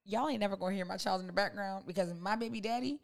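Fast-talking brash woman podcaster. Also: mid-range voice, gravelly. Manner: brash, profane, animated storyteller. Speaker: podcast co-host. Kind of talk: casual chat.

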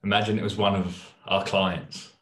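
A man's voice: sits low, flat delivery, normal speed, a bit bright, reverberant. A young man in his twenties, co-hosting a podcast with laid-back, wry remarks. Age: 20s. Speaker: podcast co-host. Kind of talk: casual podcast chat.

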